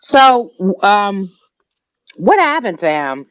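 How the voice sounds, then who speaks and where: A woman's voice: mid-range voice, sing-song, slow pace, fairly bright tone, clear, resonant tone, dry recording. A woman podcast host asking encouraging follow-up questions. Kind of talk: interview questions. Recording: dry, dull lo-fi sound.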